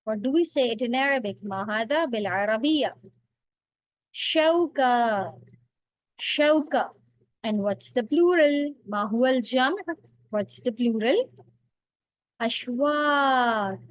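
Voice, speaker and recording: Slow, patient woman teacher quizzing vocabulary. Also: on the high side, dry recording, lo-fi sound. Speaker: language teacher. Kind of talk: vocabulary quiz lesson.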